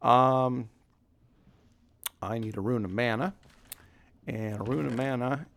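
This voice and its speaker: A man's voice: medium pitch, slow, gravelly, pauses often, a bit bright. A man with a scratchy voice giving casual, rambling gameplay commentary as a let's play host, chuckling at himself. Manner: rambling, self-deprecating, chuckles often.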